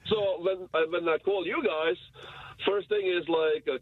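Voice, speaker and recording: A man's voice: high-pitched, fairly even intonation, measured pace, dry recording. A male caller with a European accent on a radio phone-in, telling a story with amusement and acting out the voices he quotes. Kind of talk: casual phone-in chat. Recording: muffled phone line.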